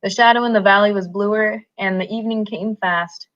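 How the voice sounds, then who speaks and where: Woman, reading a novel aloud, steady, mid pitch, muffled recording. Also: moderate pace. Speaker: reader.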